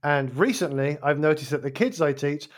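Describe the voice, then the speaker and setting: A man's voice: on the high side, normal speed. A middle-aged man hosting a casual podcast, asking questions in a jokey, chatty way. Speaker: podcast host.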